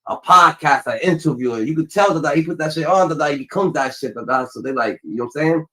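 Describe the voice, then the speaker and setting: A man with a somewhat high-pitched voice reacts to clips in loose, profane slang. He trails off with filler syllables as he riffs. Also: lively intonation, fast talker, a bit bright, rough recording. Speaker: reaction channel host. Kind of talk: casual reaction commentary.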